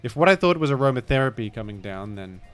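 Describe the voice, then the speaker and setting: A man's voice: medium pitch, lively intonation, fast talker, smooth. A man with a British accent commenting live on a game he is playing, rambling in a playful, mock-grandiose way. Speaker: streamer.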